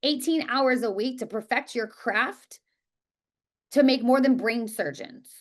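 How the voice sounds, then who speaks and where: Woman, real estate trainer, quick speech, emphatic, slightly high voice, live class. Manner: energetic, emphatic, repeats words for stress; talks quickly.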